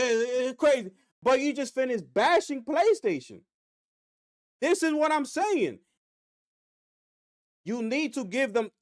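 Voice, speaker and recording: A man streaming gaming commentary, ranting with rhetorical questions and mocking asides. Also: high-pitched. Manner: animated, rhetorical, drops into mocking voices. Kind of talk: live-stream commentary rant.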